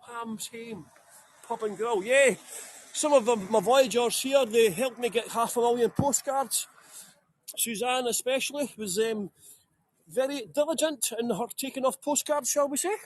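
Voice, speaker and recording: High-voiced Scottish man guiding a tour. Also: measured pace. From Scotland. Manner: chatty, jokey, greets viewers by name. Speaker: tour guide. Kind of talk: live-streamed walking tour. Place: outdoors on town streets.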